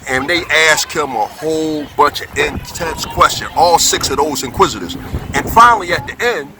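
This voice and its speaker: A man's voice: a little high, normal speed, noisy background. A man telling a comic story in a loose, conversational way, often checking in with "right?". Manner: animated, conversational, frequent "right?" asides. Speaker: comedian. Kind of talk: storytelling comedy monologue.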